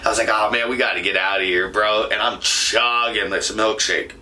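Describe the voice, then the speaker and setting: A man's voice: lowish voice, fairly even intonation, normal speed, sharp tone, a little hiss or hum. A young man casually telling a rambling, profane story, laughing often as he goes. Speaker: podcast host.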